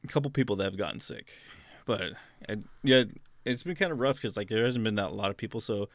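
A man's voice: on the low side, lively intonation, fast, a bit bright, no echo. A man co-hosting a podcast, telling stories in a laid-back way and swearing freely. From United States. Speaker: podcast co-host. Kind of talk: casual chat.

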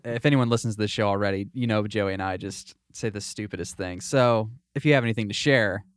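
A man's voice: on the low side, fast talker. A man hosting a casual podcast chat, rambling with fillers and restarts. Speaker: podcast host.

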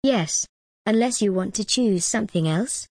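A woman voicing a calm, commanding jinn spirit in an audiobook, measured and formal. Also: medium pitch, slightly rough, dry recording, studio quality, lightly acted.

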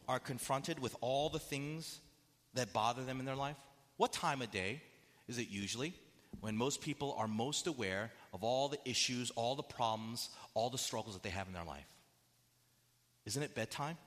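A man's voice: mid-range voice, fairly bright tone, in a large hall. A man preaching a sermon, asking the audience rhetorical questions and acting out quotes with dramatic shifts. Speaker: pastor.

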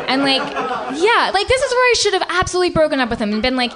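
A woman's voice: sits high, very animated, fast talker, crowd noise. A woman telling a confessional comic story on a live stage show, rambling with lots of "like" and restarts. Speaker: storyteller on a live comedy podcast.

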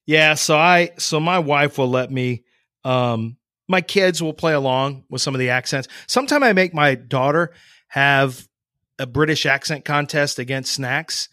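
Brief: man, slightly high, bright and forceful tone, dry mic, rambling casual talk. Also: measured pace, no room sound. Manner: rambling, many ums and restarts. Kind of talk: casual chat.

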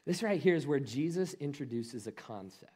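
A man's voice: medium pitch, lively intonation, moderate pace, dark tone, breathy edge. A man preaching a sermon as a pastor, retelling the story in a conversational way and often repeating his words.

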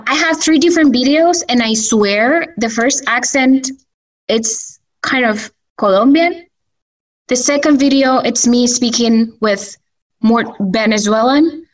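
Chatty Spanish-native woman, distant mic. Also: on the high side. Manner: chatty, many fillers. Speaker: interview guest. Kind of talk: casual conversational interview.

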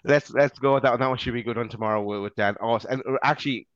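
A man's voice: medium pitch, fairly even intonation, very fast, no echo, muffled recording. A man co-hosting a casual fan show, chatty and rambling through sponsor plugs with many restarts. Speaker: podcast co-host.

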